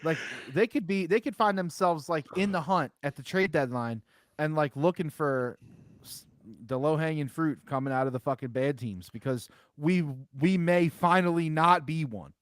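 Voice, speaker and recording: A man's voice: fairly high pitch, normal speed, no echo. A man co-hosting a sports podcast in casual, profane chat, rambling with lots of fillers and restarts. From Philadelphia area. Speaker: podcast co-host.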